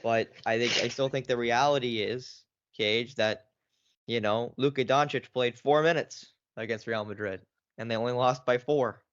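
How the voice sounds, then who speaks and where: A man's voice: mid-range voice, fairly even intonation, moderate pace, a bit bright. A man co-hosting a sports podcast in casual chat, rambling and circling back with lots of filler phrases. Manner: rambling, lots of "you know" and restarts. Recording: dull lo-fi podcast audio.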